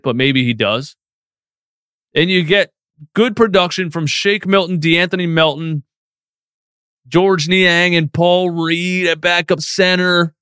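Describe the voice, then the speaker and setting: A man's voice: a little high, fairly bright tone, smooth, dry recording, studio quality. A man hosting a live post-game sports stream, reading chat questions and ranting with feeling. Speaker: sports podcast host.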